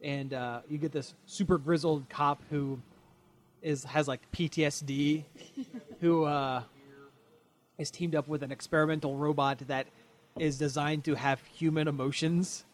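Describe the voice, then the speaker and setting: A fairly high-voiced man in casual conversation, talking in loose rambling bursts full of fillers and quick laughs. Faint background ambience sits under his voice. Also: fairly even intonation, slight background noise. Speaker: podcast co-host. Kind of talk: casual chat.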